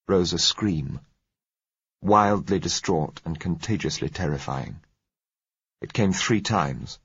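A man narrating a story in the first person, measured and dramatic in delivery. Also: deep voice, slightly rough, no room sound. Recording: dry, slightly dull recording.

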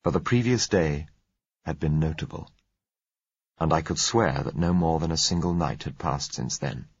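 Low husky male narrator. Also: no echo. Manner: measured, dramatic storytelling with shifts in emphasis. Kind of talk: scripted first-person audiobook narration. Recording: dry, slightly dull recording.

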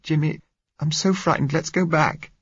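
A man's voice: fairly high pitch, steady tone, moderate pace, husky, no echo, highs cut off, voice pushed up. A man reading aloud voices a frightened young woman who pleads anxiously in a raised voice. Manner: anxious, rising pleas.

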